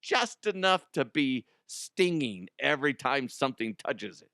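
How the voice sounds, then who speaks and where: A man's voice: medium pitch, sing-song, a little slow, gravelly, sharp tone, dry recording, clean studio sound. A middle-aged man hosting a comedy sports news show, telling a self-deprecating story in a loose, casual way, laughing often and swearing freely. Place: studio.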